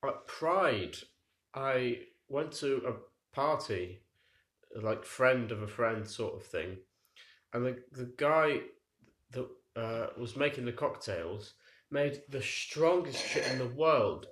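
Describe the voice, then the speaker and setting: A man's voice: mid-range voice, lively intonation, slow, fairly bright tone. A young man co-hosting a podcast, telling long rambling stories in casual chat and laughing at his own tangents. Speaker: podcast co-host. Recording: roomy echo.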